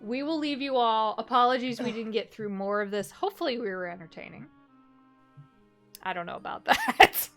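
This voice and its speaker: A woman streamer closing out a stream in casual chat, excitable and laughing often, swearing casually. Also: fairly high pitch, moderate pace, faint music behind. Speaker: streamer and game master.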